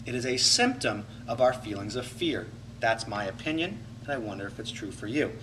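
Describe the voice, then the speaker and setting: A man's voice: medium pitch, brisk, recorded from a distance, slight background noise, poor audio. A man coaching a class in a reflective teaching talk, acting out inner voices to make his points. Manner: animated, acts out inner voices to illustrate.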